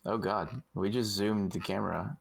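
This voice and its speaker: A man playing in a tabletop game, joking in quick, casual banter. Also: fairly low pitch, fairly even intonation, gravelly, a loud crowd. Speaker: player.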